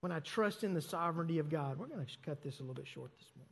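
Pastor, male, high voice, emphatic sermon delivery with repeated phrases, in a reverberant church hall. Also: animated, racing, gravelly, slightly rough. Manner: emphatic, repeats phrases and stresses key words. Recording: long reverb of a large hall.

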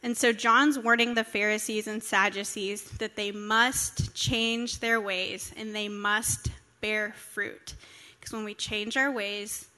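A woman's voice: mid-range voice, level tone, slow, sharp tone. A young woman preaching a sermon in church, conversational and candid, with stories from her home life. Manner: conversational, candid, with personal anecdotes.

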